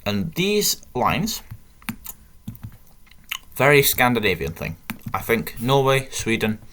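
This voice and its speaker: A British gaming channel host gives chatty, rambling gameplay commentary full of self-mocking jokes and jokey asides. He's very animated yet takes things slowly, with a medium-pitched, fairly bright voice and slight background noise.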